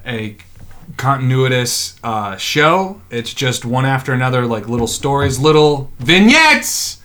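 A man's voice: medium pitch, unhurried, fairly bright tone. A man co-hosting a podcast, joking and chatting casually. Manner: joking, laid-back banter. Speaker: podcast co-host. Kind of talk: casual chat.

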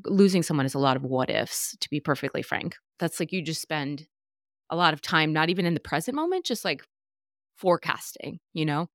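A woman's voice: sits low, lively intonation, a little fast, no room sound, clean studio sound. A woman hosting a podcast, telling a personal story candidly, with many fillers and restarts. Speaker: podcast host. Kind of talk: casual chat.

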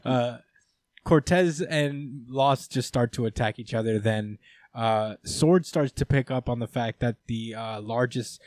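A man co-hosting a podcast, casually recapping a comic storyline with rambling asides, laughs and quick character voices. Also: mid-range voice, a little mellow, no echo. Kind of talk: casual comedic recap chat.

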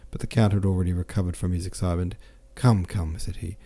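Male audiobook narrator, deep, steady reading. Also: racing. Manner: steady, with small self-corrections.

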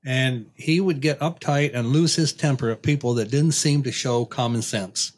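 A man's voice: mid-range voice, moderate pace. A man telling a long hunting anecdote in a folksy, rambling way, with frequent restarts. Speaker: guest storyteller. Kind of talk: casual anecdote.

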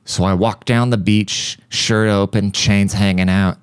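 This podcast host's voice is very low and smooth, steady in tone and unhurried. He rambles through funny stories with plenty of profanity, now and then imitating music with mouth-made beats. A studio podcast mic captures him dry and close, without any room sound.

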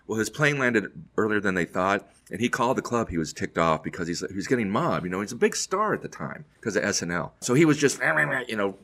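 A man's voice: lowish voice, fast, few pauses. A middle-aged man, a comedian guest, telling a story casually and acting out the quotes as he goes. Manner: animated anecdote teller, acts out quotes.

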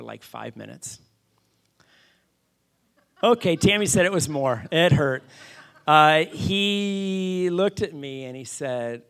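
A middle-aged man preaching, telling a story with animated, self-deprecating asides to his congregation. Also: a little high, gravelly. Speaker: pastor. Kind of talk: storytelling sermon.

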